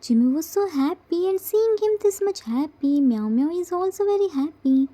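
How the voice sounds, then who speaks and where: A woman's voice: very high-pitched, animated, moderate pace, dark tone. A woman reading a fan-fiction story aloud in simple storybook narration.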